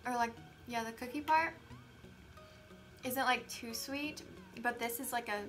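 A chatty woman with a slightly high voice, trading easy back-and-forth in a casual vlog. She leans on "like" and "um" as she talks, with music playing behind her. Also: a little slow, a bit bright. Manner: chatty, filler-heavy with "like" and "um". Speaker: vlog co-host, daughter. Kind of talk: casual chat.

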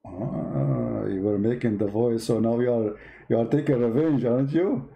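A man's voice: medium pitch, normal speed, creaky, warm tone, dull audio. A man from the East, hosting comedic religious commentary in a sarcastic, mock-bewildered way. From Middle East. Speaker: host.

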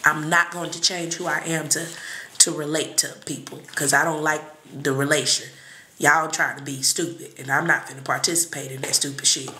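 A woman reading and chatting on a live stream, blunt and profane, with sudden shouts and laughs. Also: deep voice, flat delivery, normal speed, reverberant. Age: adult with children. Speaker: psychic reader on a live stream. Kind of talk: casual live-stream talk.

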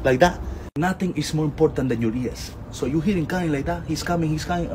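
Man, high voice, scolding, teasing, broken English. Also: quick pace, noisy background. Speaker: comedy sketch creator playing a strict dad. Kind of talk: comedic sketch.

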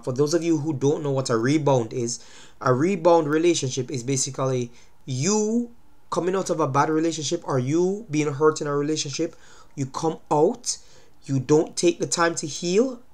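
A young man speaks to camera in a casual vlog, his voice stuffed up and light from a cold. He lectures about relationships in a mid-range voice and keeps stopping to ask whether the listener understands. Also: medium pitch. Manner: lecturing, repeatedly asks "you understand?". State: congested from a cold. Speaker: vlogger giving relationship advice. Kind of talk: casual talking-to-camera monologue.

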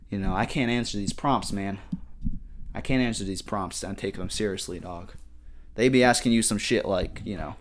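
A man's voice: on the low side, a little fast. A young man hosting a podcast, ranting in a casual, slangy, profane way and telling a story, with "dog" and "bruh" at the ends of many sentences. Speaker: podcast host. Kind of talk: casual solo podcast rant. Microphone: podcast microphone.

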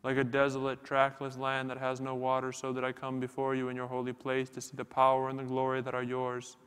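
Man chanting in a flat monotone. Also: medium pitch, brisk, clear, resonant tone. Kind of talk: liturgical chanting of prayers and psalms. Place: church. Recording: long church reverb.

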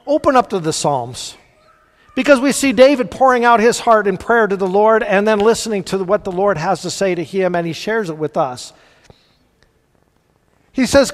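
A male pastor with a high voice delivers a sermon in an earnest preaching manner. He swings between loud emphasis and hushed, quiet passages. His voice rings through a church sanctuary with a long reverb tail.

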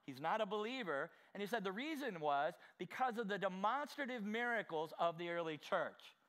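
A male pastor delivering a fervent sermon, his voice pitched high for a man with a bright, forceful edge. He fires direct questions at the congregation. He swings from quiet asides to shouted exclamations. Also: animated, normal speed.

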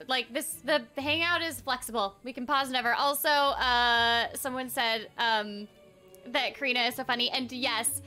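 A woman's voice: high voice, pushed and bright. A young woman streaming a game, chatting casually with a bubbly, giggly manner. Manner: bubbly, giggly, quick to laugh. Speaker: streamer and voice actor. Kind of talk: casual live-stream chat while gaming. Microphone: home streaming mic.

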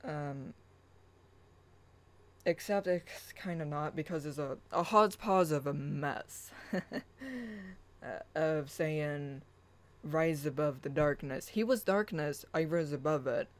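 A spiritual vlogger speaks at an unhurried, drawn-out pace, pausing often and filling the gaps with hesitant fillers. The passages read aloud turn soft and chant-like, in a mid-range voice. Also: medium pitch, animated, low-quality recording. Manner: slow, halting, with many pauses and fillers. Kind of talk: personal rant and reading own blog post aloud.

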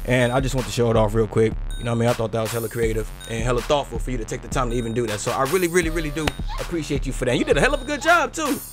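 A young adult man hosting a casual reaction video, slangy and animated, bursting into loud exclamations. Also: medium pitch, racing, hardly any pauses, music in the background.

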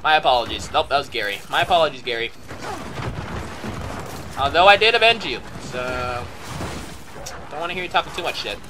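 Excitable, swearing male gamer. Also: fairly high pitch, brisk, long pauses, background noise. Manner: excitable and profane, bursting into shouts. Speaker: gameplay commentator. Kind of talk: live gameplay commentary.

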